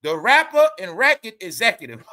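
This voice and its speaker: This ranting commentary vlog features a man whose voice is high and bright. Peppering his talk with slang and profanity, he ridicules and berates his viewers.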